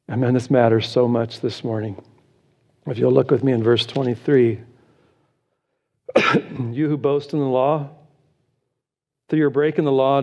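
American pastor preaching with rising intensity. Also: male voice, medium pitch, a little mellow, dull audio. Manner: laughs between points. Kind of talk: sermon.

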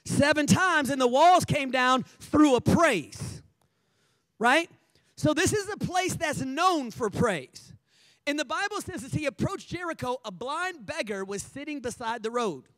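A man's voice: extremely high pitch, expressive, a little slow, a bit bright, no echo. A male pastor preaching a sermon with energy and strong emphasis.

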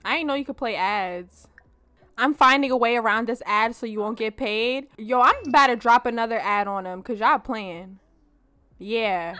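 Bright, crisp-voiced woman gaming host. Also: a little high, moderate pace, no echo. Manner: animated, swears a lot, talks straight to viewers. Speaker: let's play host. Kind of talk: casual gameplay commentary.

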